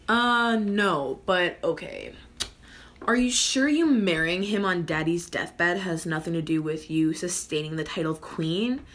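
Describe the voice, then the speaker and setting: In a comedic skit, a woman with a fairly low, bright-toned voice plays a sulky, whiny teenage prince. Speaking at a measured pace, she sounds sarcastic and exasperated, addressing viewers like a vlogger.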